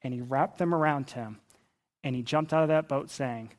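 A man's voice: medium pitch, moderate pace. A man preaching a sermon, telling a Bible story in a conversational way, acting out characters' lines and asking the congregation rhetorical questions. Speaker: pastor.

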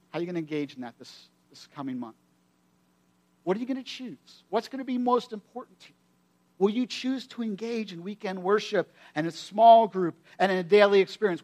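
A man in his forties, a pastor, preaching a sermon with animated storytelling that swings between hushed and loud. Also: high-pitched.

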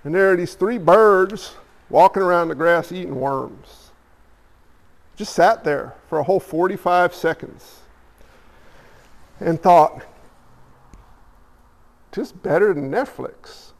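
A male preacher with a high, gravelly voice delivers a conversational sermon, stacking rhetorical questions and repeated phrases. His voice carries a long reverb, as if heard in a large hall. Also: takes it slowly, pauses often. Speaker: pastor.

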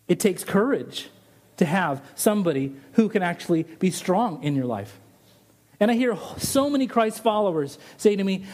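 A middle-aged man preaching a sermon as pastor, animated and lively, his voice rising on rhetorical questions. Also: high-pitched, normal speed.

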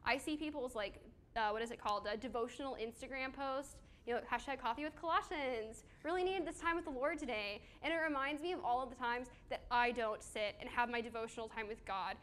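A woman speaks a little fast in a somewhat bright, high-leaning voice, delivering an informal sermon into a handheld mic for a small live group. She jokes at her own expense, uses fillers, and puts questions to those present.

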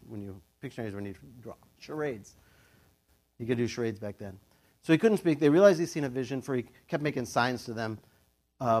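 A middle-aged man giving a casual, conversational sermon, telling the story with lively asides and laughter. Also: mid-range voice. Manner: animated storytelling, acts out quoted voices, laughs often. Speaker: pastor.

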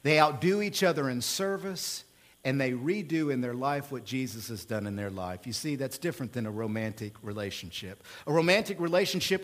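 A man pastor preaching a sermon, swinging from hushed, low moments to loud, emphatic passages and asking the room for a response. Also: animated, a little fast.

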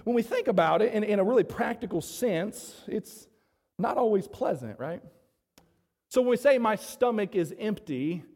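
High-voiced man preaching in a reverberant hall. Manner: call-and-response, asking the congregation to agree; dynamic, swinging between loud emphasis and soft low asides. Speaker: pastor. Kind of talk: sermon. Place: church.

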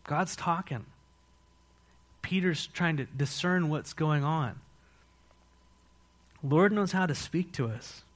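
Animated preacher man, higher voice. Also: slow, long pauses. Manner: animated storytelling with rhetorical questions. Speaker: pastor. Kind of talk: sermon.

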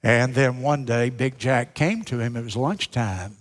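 A man's voice: mid-range voice, measured pace. A man preaching a sermon, telling a story and then speaking earnestly and directly to his listeners.

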